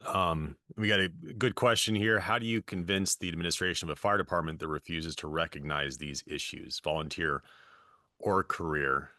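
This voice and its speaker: A man who was a fire chief, hosting a webinar and asking questions in a measured, friendly way, thinking aloud with fillers. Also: low-pitched, steady tone, bright, forceful tone, dry recording, clean studio sound. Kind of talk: webinar moderating.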